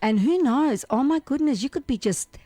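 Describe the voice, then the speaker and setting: A woman hosting live radio, chatty and quick to laugh as she reads out listener greetings. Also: high-pitched, expressive, mellow, dry recording. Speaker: radio host. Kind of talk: casual radio chat.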